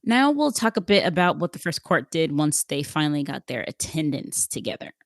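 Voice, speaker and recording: Podcast co-host, woman, lower voice, measured explainer who keeps asking her partner questions; dead-dry close mic. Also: sing-song, dry recording.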